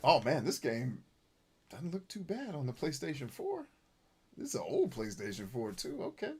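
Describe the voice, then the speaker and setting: A man hosting casual gameplay commentary, joking crudely and yelling at characters on screen. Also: a little high, wildly swooping pitch, normal speed, husky. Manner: crude, goofy joking, shouting at the game. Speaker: gaming channel host.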